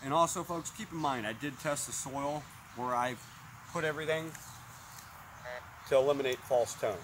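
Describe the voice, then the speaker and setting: Testing coins and metals with a metal detector in his yard, a man casually names each tone in a plainspoken product demo. His voice is mid-range and a bit bright at normal speed, and the low-quality recording carries outdoor noise.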